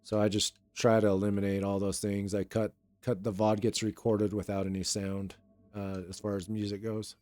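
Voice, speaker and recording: A young man streaming and chatting casually with viewers in a relaxed, rambling way, his voice a little raw today. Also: fairly low pitch, moderate pace. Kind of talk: casual live-stream chat.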